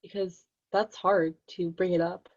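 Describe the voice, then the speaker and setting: Woman, group member, hesitant, slow, distant muffled recording. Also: fairly low pitch, flat delivery, a little mellow. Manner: slow and hesitant, searching for words. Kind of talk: casual group discussion.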